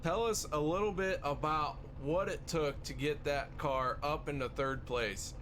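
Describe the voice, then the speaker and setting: A man's voice: on the high side, unhurried, fairly bright tone, a little hiss or hum. A man hosting a racing broadcast, interviewing drivers after the race and reading the finishing order in an upbeat announcer style. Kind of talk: post-race interviews and results.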